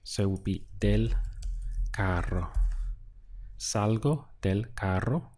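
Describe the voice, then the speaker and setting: A man teaching Spanish, calmly working through a translation step by step and thinking aloud with small pauses. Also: on the low side. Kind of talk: unhurried lesson walkthrough while writing.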